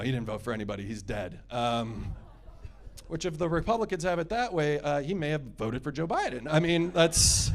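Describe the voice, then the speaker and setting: A man in his thirties doing a stand-up comedy set, with crude, sarcastic crowd work. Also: medium pitch. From United States. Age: 30s.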